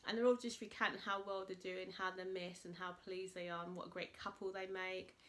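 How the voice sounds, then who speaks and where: A woman chatting to camera, recapping a reality show and retelling it with animated quotes. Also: fairly quick. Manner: animated retelling, voices quotes in a high excited pitch. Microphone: camera mic, speaking to camera.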